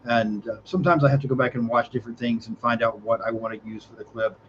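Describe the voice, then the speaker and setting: A man's voice: medium pitch, steady tone, fast, muffled recording, a little hiss or hum. A man hosting a podcast, speaking casually and thanking his guests. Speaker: podcast host. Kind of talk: casual chat.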